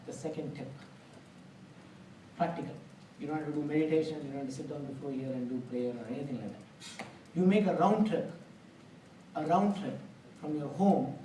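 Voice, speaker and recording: A man's voice: a little high, dark tone, slight background noise. A man giving a conversational spiritual discourse in a temple hall, earnest and plain-spoken, with homely examples. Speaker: spiritual lecturer. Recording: roomy, distant mic in a hall.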